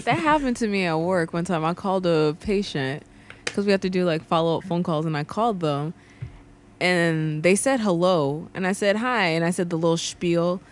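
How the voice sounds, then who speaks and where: A woman's voice: fairly low pitch, moderate pace, slight background noise. Blunt woman, dry and profane, chatting about her job. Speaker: healthcare worker. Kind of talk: casual chat among friends.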